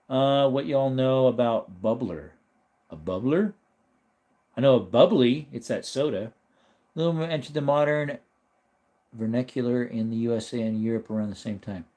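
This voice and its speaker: A relaxed American man hosts a live stream from his home, talking casually and reading out comments from the chat. His delivery is loose and chatty, often broken up by laughter. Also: medium pitch. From United States.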